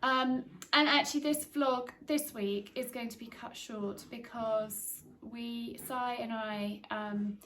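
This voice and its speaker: A woman's voice: on the high side, steady tone, takes it slowly, few pauses, a bit bright, recorded from a distance, a little hiss or hum. Chatty woman vlogging from home, a little off-mic. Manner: chatty, rambling, with many restarts and fillers. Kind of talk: casual chat to camera. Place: home indoors.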